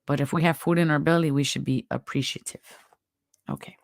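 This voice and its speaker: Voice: mid-range voice, steady tone, a little fast, gravelly, dry recording, clean studio sound. A tarot reader hosting a live stream, giving chatty, encouraging spiritual advice with a strained, worn-out throat. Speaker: tarot reader and show host.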